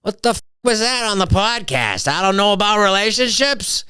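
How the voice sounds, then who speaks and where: A man's voice: sits high, lively intonation, normal speed, pushed and bright, clear, resonant tone, no room sound, voice pushed up. A man doing his father as an indignant, incredulous middle-aged dad calling about a podcast.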